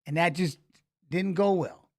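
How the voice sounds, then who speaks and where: Middle-aged male co-host, high-pitched, casual, swears and restarts a lot. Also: a little slow. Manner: animated storytelling, swearing, restarts. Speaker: co-host of a fight preview show. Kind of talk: casual chat.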